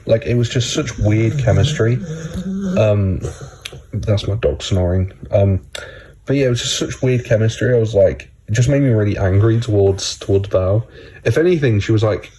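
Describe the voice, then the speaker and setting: A man's voice: on the low side, normal speed, dark tone, breathy edge, rough recording. A man casually recapping a TV episode for his channel, rambling with lots of filler words and swearing.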